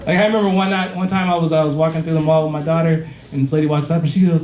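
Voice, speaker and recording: A man's voice: on the high side, flat delivery, very fast, hardly any pauses, distant mic, a little hiss or hum. A man in his thirties doing a stand-up comedy set on a club stage, rambling and crude in a conversational way. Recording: echoey club, heard from afar, loud crowd.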